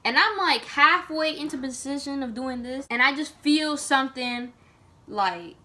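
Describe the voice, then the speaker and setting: Animated woman with a bright, high voice. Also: measured pace, a little hiss or hum. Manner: animated, dramatic retelling with lots of filler "like". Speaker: vlogger. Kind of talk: casual storytime to camera.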